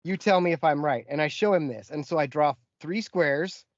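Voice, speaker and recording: Animated storytelling man on a podcast. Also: on the high side, moderate pace, no room sound, muffled recording. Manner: animated storyteller, acts out quotes. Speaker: podcast co-host. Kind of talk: casual storytelling chat.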